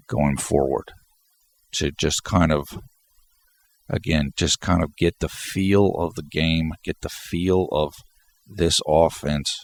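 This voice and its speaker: A congested man rambling through a solo basketball post-game commentary, often restarting his sentences. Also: a bass voice. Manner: rambling, repeats words and restarts.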